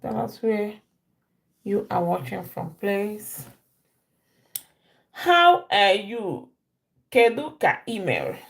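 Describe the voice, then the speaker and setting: A woman leads a live-stream language lesson. She talks at an unhurried, deliberate pace and says each phrase again and again so learners can follow. Her voice sits at an ordinary middle pitch. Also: sing-song, vocal fry. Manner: repeats phrases slowly for learners. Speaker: language teacher.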